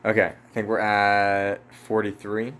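A man's voice: lowish voice, completely flat delivery, measured pace, a bit bright. A man leading a casual Bible study discussion, laid-back and slangy, saying "like" a lot. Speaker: Bible study group leader.

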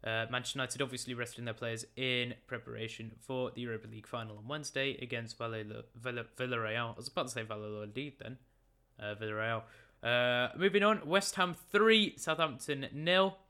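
Bright, chatty young man recapping football. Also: medium pitch, fairly even intonation, brisk. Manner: chatty, joking, stumbling over names. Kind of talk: casual football results recap. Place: room at a computer.

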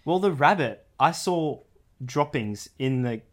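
A man's voice: fairly high pitch, expressive, unhurried. A man chatting casually on a podcast as co-host, rambling through stories with lots of "you know" and "like.". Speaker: co-host, older brother.

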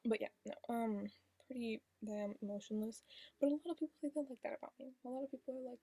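A teenage girl vlogging in a hushed, half-whispered confessional monologue, blunt and deadpan, swearing often. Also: a little high, quick pace, slightly rough, no echo, poor audio. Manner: half-whispered, kept quiet on purpose.

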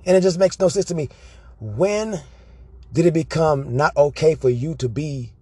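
A man with a husky voice tells casual stories to his viewers, animated and loose with his swearing. He is recorded dry and close, with no room around him. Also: a little high, moderate pace, no echo. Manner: animated, profane, tag questions like "right?". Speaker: vlogger. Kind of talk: casual storytelling monologue.

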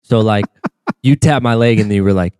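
Male co-host, lowish smooth voice, dry close mic, relaxed and ribbing. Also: moderate pace, no echo. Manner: laid-back, teasing, profane. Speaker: podcast co-host. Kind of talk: casual storytelling chat.

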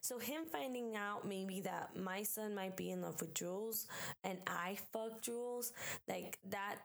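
A woman's voice: mid-range voice, a little slow, vocal fry. Woman musing over fan theories. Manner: speculative, rambling theorizing. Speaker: podcast co-host. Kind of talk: casual podcast chat.

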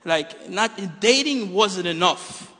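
A middle-aged male pastor with a high, bright, forceful voice preaches a sermon in a church hall, telling his congregation a personal story with jokes. He's animated but takes it slowly, and the hall is reverberant.

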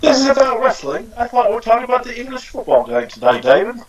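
A man voicing a loud, blustering adult English football fan in a put-on accent. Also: extremely high pitch, sing-song, quick pace, voice pushed up, heavily acted, low-quality recording.

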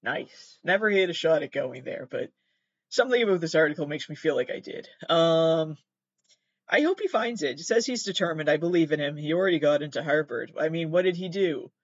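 A man's voice: fairly high pitch, lively intonation, fairly quick, no echo, muffled recording. A young man from Massachusetts hosting a podcast, rambling through casual commentary with swearing and self-mocking asides. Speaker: podcast host.

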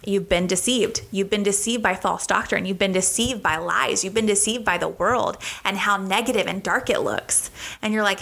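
A young woman from the United States talks through her faith in an earnest, conversational teaching style. Her voice is bright and clear and sits in a middle pitch. She builds emphasis by repeating short phrases. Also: moderate pace. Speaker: Christian teacher.

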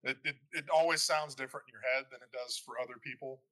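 Middle-aged male guest, bright lively voice, casual and profane. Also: mid-range voice, fast. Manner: animated, swears freely, storytelling. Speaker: podcast guest. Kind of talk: casual chat.

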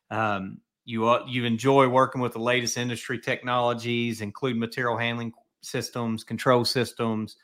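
Chatting casually on his podcast, a middle-aged man tells stories in a meandering, talkative style. He has a sharp-toned voice of medium pitch.

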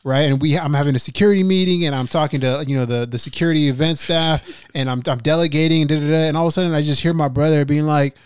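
A young man hosts a relaxed podcast, trading stories with his brother. His voice is smooth and clear. The recording is dry and close, with no room sound. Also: fairly high pitch, fast talker, hardly any pauses, dry recording. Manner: laid-back, laughs often, swears casually. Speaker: podcast host. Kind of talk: casual podcast chat. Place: studio.

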